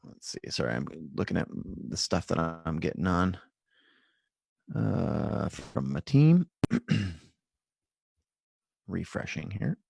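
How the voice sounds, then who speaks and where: A man's voice: deep voice, sing-song, slow, vocal fry, long pauses, a little mellow, slightly rough, no room sound, studio quality. A man hosting a live-stream Q&A, talking casually and encouragingly to his viewers and callers. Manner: encouraging, loose and conversational. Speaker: host of a live video Q&A. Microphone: live-stream setup with video call.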